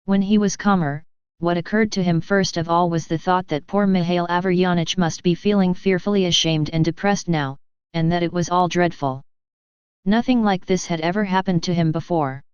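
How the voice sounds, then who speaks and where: A woman narrating an audiobook in a steady, even reading. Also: fairly low pitch, clear, resonant tone, no echo. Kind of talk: scripted narration. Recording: dull lo-fi.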